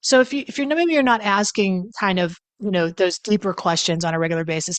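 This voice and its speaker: A woman's voice: medium pitch, expressive, brisk, few pauses, no room sound. Blunt, emphatic woman coaching on camera. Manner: blunt, swears freely, emphatic repetition. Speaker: relationship coach. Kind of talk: casual advice talk to camera.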